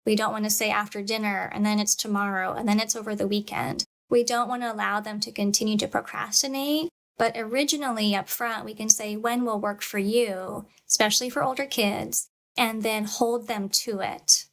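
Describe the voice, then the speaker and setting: A woman and parent giving a calm, measured lecture on parenting, acting out what a parent might say. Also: mid-range voice. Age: adult parent. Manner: calm, measured, demonstrates parent scripts aloud.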